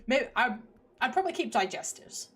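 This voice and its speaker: Brief: young UK woman streamer, bouncy lively pitch, rambling and giggly, soft music underneath. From United Kingdom. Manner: rambling, giggly, trailing off into mumbles. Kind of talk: casual stream chat. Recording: faint background music.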